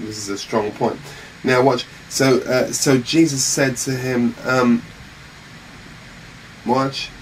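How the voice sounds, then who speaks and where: Animated male preacher, slightly distant. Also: fairly low pitch. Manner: animated, exclaiming, urging listeners to watch. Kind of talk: sermon. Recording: faint air-conditioning hum, mic set back.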